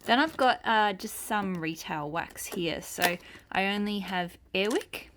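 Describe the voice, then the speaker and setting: A woman's voice: mid-range voice, lively intonation, a little slow. A woman from Australia with an Australian accent, chatting casually as she tours her wax melt collection at home, rambling with many ums and restarts. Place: home with noises around. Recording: noisy home recording.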